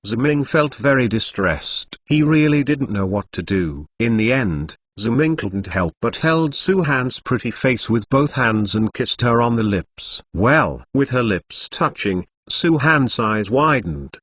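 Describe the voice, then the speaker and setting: A man's synthetic voice narrates a novel in a machine-like read, saying punctuation aloud. His pitch moves a lot, and the sound is dry and close with no room around it. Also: a bit bright, no echo.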